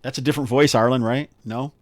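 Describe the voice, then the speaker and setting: A man narrating as game master for a tabletop game, casual and rambling, with plenty of ums and uhs. His voice sits at a middle pitch and sounds dry and close, with little room around it. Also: fast, dry recording. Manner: relaxed, rambling, many fillers.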